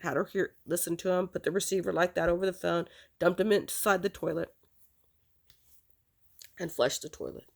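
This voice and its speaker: A woman telling a personal story in a rambling, halting way, chuckling now and then. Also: lowish voice, steady tone, creaky.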